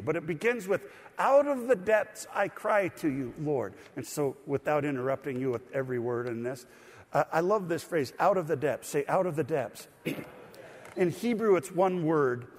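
A man preaching a sermon as pastor, explaining scripture in a plain, conversational way. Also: a little high. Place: church sanctuary. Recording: long hall reverb.

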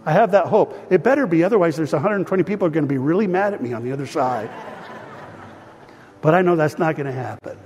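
Man, pastor, earnest emotional sermon and prayer, slightly high voice, long hall reverb. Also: expressive, fast, darkish tone, a faint crowd. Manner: earnest, emotional, speaks of grief and peace. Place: church hall.

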